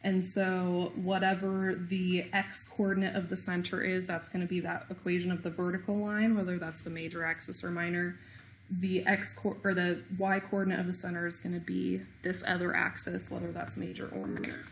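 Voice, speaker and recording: A woman's voice: on the low side, level tone, moderate pace, a little hiss or hum. Woman explaining math step by step. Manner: explains step by step, self-deprecating jokes. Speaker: math teacher. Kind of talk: recorded math lesson.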